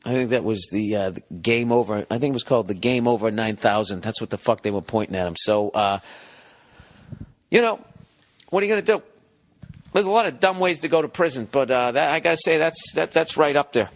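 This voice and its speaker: A man's voice: medium pitch, expressive, a little fast. Ranting, profane man. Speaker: podcast host. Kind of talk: casual comedic monologue.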